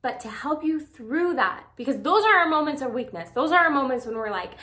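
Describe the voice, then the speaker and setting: Young female vlogger with a higher voice, chatty and casual, lots of fillers. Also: lively intonation, normal speed, a bit bright. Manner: chatty, lots of "like" fillers, acts out quoted texts. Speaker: advice vlogger. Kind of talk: casual talk to camera.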